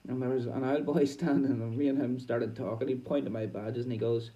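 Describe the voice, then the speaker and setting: A man's voice: mid-range voice, fairly even intonation, fairly quick, far from the mic, muffled recording. A man, a musician hosting his own vlog, chatting in a loose, self-deprecating way and laughing often. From Ireland. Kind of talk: casual rambling monologue.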